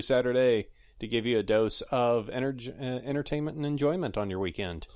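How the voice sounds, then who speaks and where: A man's voice: mid-range voice, a little fast, darkish tone. A man hosting a casual podcast chat, rambling with lots of fillers and restarts. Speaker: podcast host.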